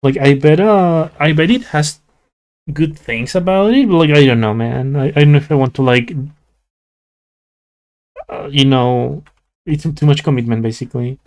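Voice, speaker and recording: A sleepy, yawning young man streams while drawing, chatting casually with his live chat and rambling with many "like" fillers and restarts. His voice is fairly high and a little mellow, at normal speed with long pauses.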